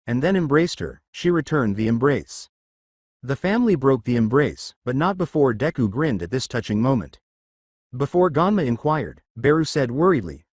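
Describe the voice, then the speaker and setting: A man narrating a fan fiction story in an even storytelling manner. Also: mid-range voice, normal speed, husky, no echo, studio quality. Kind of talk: fanfic story reading.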